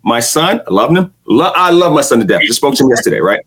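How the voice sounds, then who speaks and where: A man's voice: mid-range voice, big pitch swings, fast talker, a bit bright, breathy edge. A laid-back middle-aged man in casual conversation, often repeating himself and agreeing with "right.".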